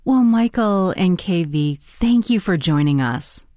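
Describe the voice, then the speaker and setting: A woman hosting a radio interview, asking questions in a calm, measured way. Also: lowish voice, no echo, studio quality. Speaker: interview host.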